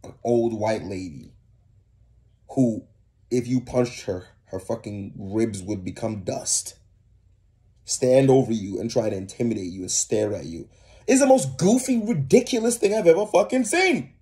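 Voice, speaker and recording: A man's voice: mid-range voice, expressive, a little slow, warm tone. A young man co-hosting a reaction video, ranting in heated, profane casual commentary.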